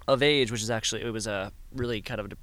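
Fast-talking, clear-voiced young man. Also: on the low side. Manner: animated, acts out other people's lines. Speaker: band singer. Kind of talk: casual storytelling in an interview.

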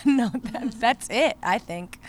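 A woman musician talking about her songwriting in an interview, thoughtful and hesitant with many pauses and fillers. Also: on the high side, lively intonation, fairly bright tone, a little hiss or hum. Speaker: musician guest. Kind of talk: conversational interview.

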